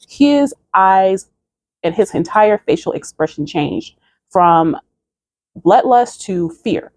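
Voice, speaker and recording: In a spiritual vlog, a woman earnestly recounts a dream and urges listeners toward faith in a preachy, exhorting way. Her mid-range voice is animated and darkish in tone, her pace slow, with no echo.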